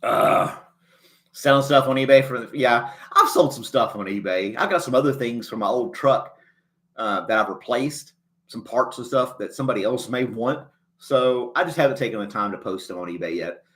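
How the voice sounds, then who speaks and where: A man hosting a casual livestream chat, rambling in a folksy way and chuckling often, a little choked up and clearing his throat. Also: mid-range voice, moderate pace, fairly bright tone. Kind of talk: casual chat reading a live chat.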